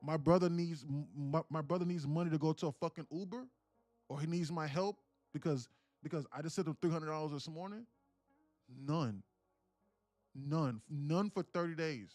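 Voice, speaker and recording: A man live-streaming his day trading, telling a story in an animated, profane, rambling way with frequent restarts. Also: fairly high pitch, moderate pace, dry recording, soft background music.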